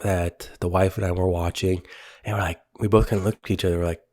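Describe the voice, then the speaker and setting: Low-voiced man rambling on a podcast. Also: level tone, quick pace, darkish tone. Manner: rambling, many fillers and restarts. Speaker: podcast co-host. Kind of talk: casual chat.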